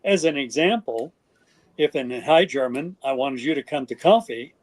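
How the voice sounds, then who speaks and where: An older man, a guest in an interview, telling stories in a lively way and acting out what others said. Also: mid-range voice, moderate pace. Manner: animated, acts out quoted voices. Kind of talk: storytelling interview.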